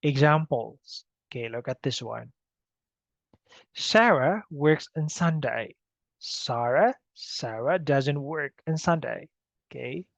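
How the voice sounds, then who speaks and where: A man with a medium-pitched voice and vocal fry teaches an English grammar lesson slowly and patiently, repeatedly asking "okay?" to check understanding. The recording is dull and dry, with no room sound.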